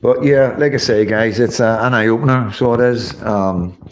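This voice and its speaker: A man's voice: medium pitch, moderate pace, a little hiss or hum. Northern irish guy, middle-aged, rambling livestream chat, swears a lot, loads of fillers. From Northern Ireland.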